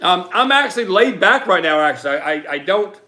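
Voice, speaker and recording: A man hosts a relaxed live stream and chats with viewers in a loud, animated way. His voice sits high for a man and has a bright, forceful edge. He keeps the talk easygoing and answers questions as they come in. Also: a little fast. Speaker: livestream host and reseller.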